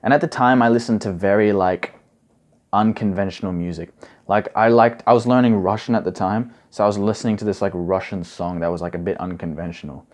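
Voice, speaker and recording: Chatty young man, lower voice. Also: fairly quick, darkish tone. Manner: chatty, heavy on "like" and "bro". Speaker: study coach. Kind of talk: casual advice monologue.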